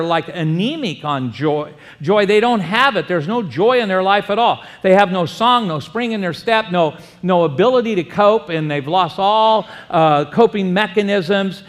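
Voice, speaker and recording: Man, pastor preaching a sermon, high voice, animated and joking, long church reverb. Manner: animated preaching, acts out little dialogues and jokes. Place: church sanctuary.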